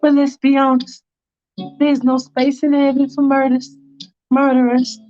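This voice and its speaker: A woman's voice: high voice, completely flat delivery, unhurried, a little mellow, soft background music. A woman voicing a remorseful woman on trial, confessing earnestly. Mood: resigned. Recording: dull lo-fi recording.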